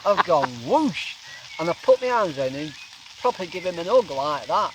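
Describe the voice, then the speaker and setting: Lively man telling a campfire story. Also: high voice, normal speed. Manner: animated, breaks into quoted voices and laughs. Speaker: guest camper. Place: outdoors at a lakeside camp. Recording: noisy outdoor recording, sizzling campfire.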